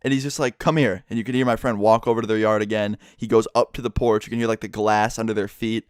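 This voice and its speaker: Young man, vlog storytime, quick talker, swears a lot, dry close sound. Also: lowish voice, clear, resonant tone, dry recording. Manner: fast, profane, animated storytelling. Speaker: vlogger.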